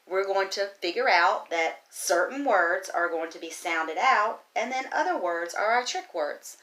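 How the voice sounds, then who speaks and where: A woman teaching kindergarten reading, slow and patient, stretching out each sound of a word. Her voice sits a little low for a woman. The room around her rings with a noticeable echo. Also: a bit bright. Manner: slow, encouraging, sounds out words letter by letter. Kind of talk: virtual phonics lesson. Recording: roomy echo.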